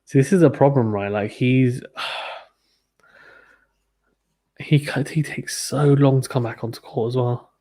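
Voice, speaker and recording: A man's voice: mid-range voice, normal speed, hardly any pauses, dark tone. A young British man hosting a casual live tennis watchalong, chatting and reading viewer comments aloud. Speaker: live stream host.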